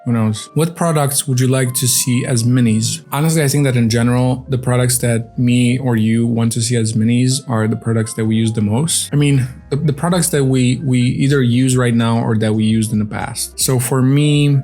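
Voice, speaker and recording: A man's voice: mid-range voice, mellow. A man hosting a casual vlog, chatting loosely while eating on camera, with lots of fillers and restarts. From grew up outside the USA. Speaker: vlog host.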